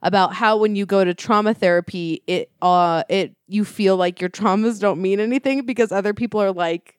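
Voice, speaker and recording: A woman's voice: medium pitch, moderate pace, smooth, no echo, clean studio sound. A woman chatting casually, wry and teasing, with crude asides. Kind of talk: casual chat.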